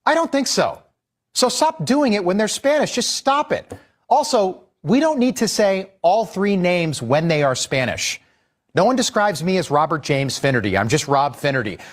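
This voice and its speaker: A man's voice: sits high, sing-song, moderate pace. A man hosting a news show, giving exasperated, emphatic opinion commentary. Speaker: news host.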